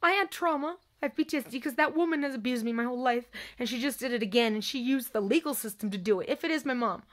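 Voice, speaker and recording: In a fast, emotional monologue, a young woman vlogs about her own experience, her voice rising into cries and then dropping low and quiet with insistent emphasis.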